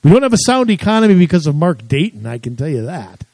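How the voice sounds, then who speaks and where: A man co-hosting a casual political talk show. He rambles from one tangent to the next in a lively, wandering voice. He is recorded dry and close to the mic. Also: a little high, fast, dry recording, rough recording. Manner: chatty, rambling, amused. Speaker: co-host.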